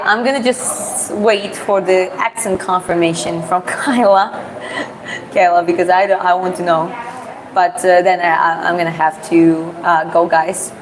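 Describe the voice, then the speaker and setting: This live-streaming vlogger is a Georgian woman who chats casually with her audience, fielding their questions in rambling, filler-laden English with a Georgian accent, since it isn't her native language. She strolls along city streets as she talks. Her voice is on the low side, and the background is noisy.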